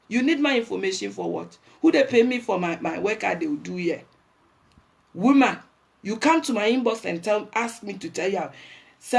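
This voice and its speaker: A woman's voice: mid-range voice, lively intonation, normal speed, gravelly. A woman with a Ghanaian accent, hosting a livestream and delivering a blunt, preachy rant that scolds her viewers. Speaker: livestream host.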